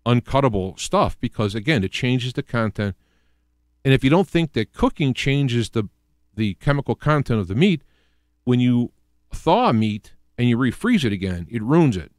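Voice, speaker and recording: Midwestern male talk host, mid-pitched, rambling delivery with frequent restarts, dry close-mic sound. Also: no room sound. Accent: Midwestern American. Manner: rambling with many restarts and fillers. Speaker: radio show host. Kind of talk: casual solo talk show.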